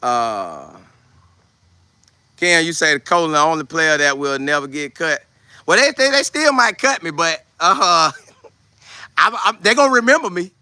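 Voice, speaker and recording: A man in his twenties, hosting a casual football show, talking loudly and boastfully with lots of energy. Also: on the high side, unhurried, long pauses, dry recording. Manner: loud, trash-talking, animated. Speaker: show host, football player. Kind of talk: casual livestream chat.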